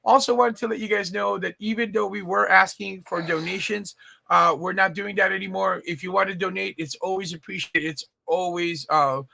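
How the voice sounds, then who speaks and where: Bright, gravelly-voiced male host. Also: high-pitched, steady tone, normal speed. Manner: chatty, teasing, with fillers. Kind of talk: live stream chat.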